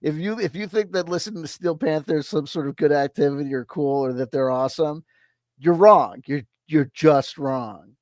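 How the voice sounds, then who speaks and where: A man's voice: a little high, normal speed, darkish tone, dry recording. Blunt rambling man, dry mic. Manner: blunt, rambling, with many restarts. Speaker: host reacting to a video. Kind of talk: casual opinionated commentary.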